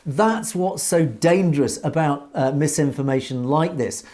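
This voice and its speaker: Guy doing news commentary, mellow dark tone, articulate but a bit hesitant. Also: a little high, measured pace. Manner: articulate, earnest, lightly hesitant. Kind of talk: measured political commentary.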